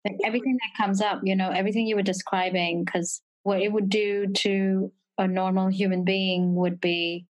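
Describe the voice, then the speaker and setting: A woman interviewing in a conversational way, quick and animated when she talks. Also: medium pitch, low-quality recording.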